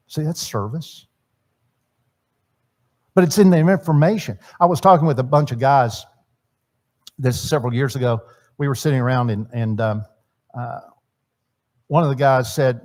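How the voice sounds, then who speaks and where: A man's voice: medium pitch, moderate pace, pauses often, a little mellow. A middle-aged man teaching at a church marriage seminar, talking conversationally and acting out bits of dialogue. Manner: conversational, acts out quoted dialogue, repeats words.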